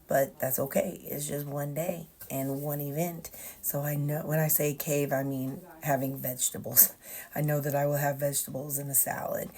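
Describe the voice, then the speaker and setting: An older woman with a Missouri accent, chatting casually to her viewers and pausing often with ums. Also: low voice, mellow. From Missouri, USA. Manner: hesitant, many ums, folksy. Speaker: weight-loss vlogger. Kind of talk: casual chat to camera.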